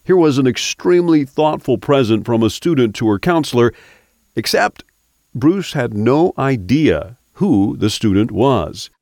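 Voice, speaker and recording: A man hosting a podcast, reading scripted narration in a measured way. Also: mid-range voice, lively intonation, darkish tone, no echo. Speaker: podcast host. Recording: dry studio voice over faint music.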